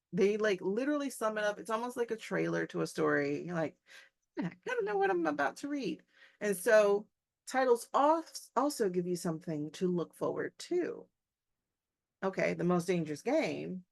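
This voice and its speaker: A woman's voice: mid-range voice, vocal fry. A woman English teacher reading a short story aloud and breaking off for chatty, joking asides to her class.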